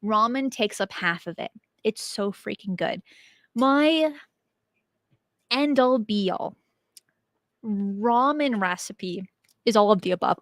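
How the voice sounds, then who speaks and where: A woman's voice: mid-range voice, dry recording. Chatty woman host answering questions. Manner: chatty, animated, laughs easily. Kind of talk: casual chat.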